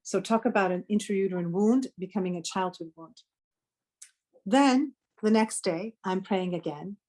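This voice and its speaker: A woman's voice: medium pitch, moderate pace, a little mellow. A middle-aged woman, a spiritual healer guest on a podcast, telling a personal story in an earnest conversational way with frequent restarts and self-corrections.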